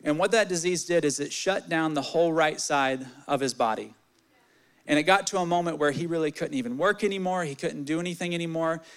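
A young man preaching a sermon, candid and animated, telling personal stories and reading scripture. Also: brisk, clean tone. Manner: candid and animated, swelling louder in stories, dropping low on scripture.

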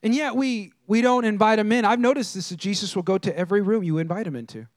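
Pastor, male, high voice, playful storyteller who works the crowd with questions. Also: quick pace, no echo, studio quality. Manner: animated, engages the crowd with questions. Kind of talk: humorous storytelling sermon.

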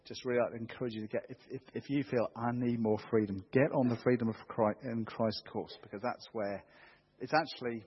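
A man's voice: mid-range voice, breathy edge. A middle-aged man preaching a sermon in a church, earnest and rousing as he quotes scripture. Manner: earnest, rousing, quoting scripture with rising force. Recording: dull muffled church recording.

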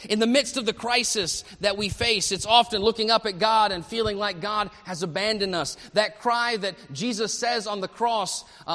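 A male pastor preaching a sermon at a church service, animated and asking the congregation questions. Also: high-pitched, moderate pace, few pauses, long reverb tail.

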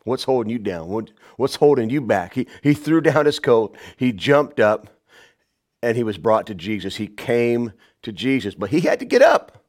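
A pastor preaching a sermon, shouting some lines and dropping to a hushed voice on others. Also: male voice, moderate pace. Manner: dynamic preaching, swings from loud shouts to hushed low lines.

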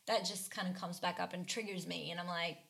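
Bright-voiced woman, reflective and hesitant. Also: fairly low pitch, fairly even intonation, a little fast, vocal fry. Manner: reflective, hesitant, laughing easily. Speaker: podcast co-host. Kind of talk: casual conversation.

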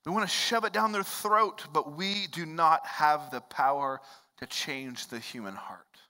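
A male pastor preaching a sermon in a conversational storytelling way, dropping to hushed lines and rising to loud, emphatic ones. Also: fairly high pitch, measured pace. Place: large church hall. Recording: long reverb of a large hall.

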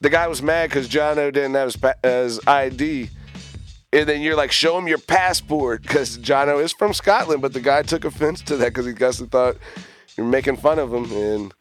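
A man's voice: mid-range voice, moderate pace, faint music behind. A man hosting a radio show, telling stories in casual chat and laughing often. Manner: laughs often, animated storytelling. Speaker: radio host. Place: radio studio.

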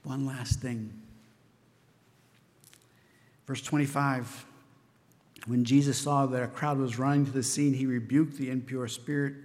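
A man's voice: mid-range voice, steady tone, measured pace, pauses often, darkish tone. Preaching man in a reverberant church. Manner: earnest, conversational preaching with frequent "right?" asides. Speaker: pastor. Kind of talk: sermon.

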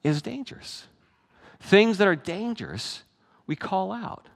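A man's voice: sits high, sing-song, unhurried, vocal fry. A middle-aged man preaching a sermon as pastor, in a conversational style and acting out the voices he quotes. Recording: long reverb of a large hall.

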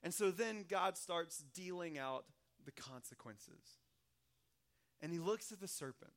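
A man's voice: sits high, lively intonation, measured pace, a bit bright. A male pastor preaching a sermon in a conversational, humorous storytelling manner.

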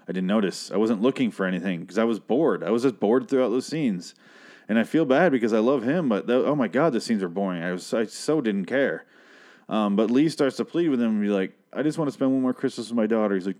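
A man's voice: on the low side, darkish tone. A man casually recapping a TV episode, rambling, sarcastic and full of swearing.

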